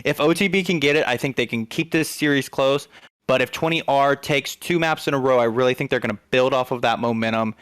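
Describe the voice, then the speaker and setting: A man giving play-by-play commentary on a competitive shooter match, quick and analytical, thinking aloud as he breaks down the game. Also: mid-range voice, a bit bright, clear, resonant tone, no room sound. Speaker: esports caster.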